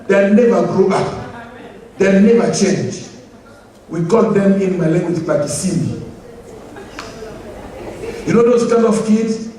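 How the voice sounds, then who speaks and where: A pastor delivering a sermon in a high voice, with emphatic and repetitive phrasing in non-standard English. He keeps drawing answers from the congregation. The recording is heavily echoey, with his voice heard from some distance off the mic. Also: lively intonation, slow, pauses often, a little mellow, slight background noise. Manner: asks the congregation for responses.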